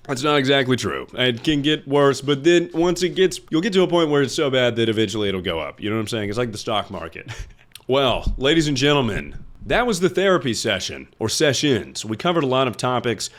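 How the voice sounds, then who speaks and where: A man's voice: medium pitch, expressive, a little fast, soft background music. A young man streaming, giving mock-serious therapy advice in a rambling, joking way. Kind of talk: casual chat.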